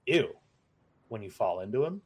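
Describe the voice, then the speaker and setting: A man of middle pitch serves as game master in a tabletop session. He talks in a halting, filler-heavy way and breaks into laughter as he works out his rulings. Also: lively intonation. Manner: hesitant, many fillers and restarts, laughs easily.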